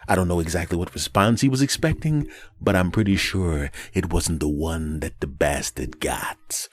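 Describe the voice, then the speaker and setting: A man with a very deep voice hosts his own podcast, talking alone in a crude, joking, rambling way. The sound is dry and close, with no room around it. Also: moderate pace, no echo. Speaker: podcast host. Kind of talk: casual solo podcast monologue.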